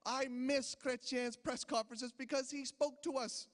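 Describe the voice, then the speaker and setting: High-voiced stand-up comic. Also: male voice, steady tone, a little slow, a bit bright, in a large hall. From Canada. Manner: chatty storytelling, acts out quoted voices. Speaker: stand-up comedian. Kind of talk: stand-up comedy set. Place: casino stage.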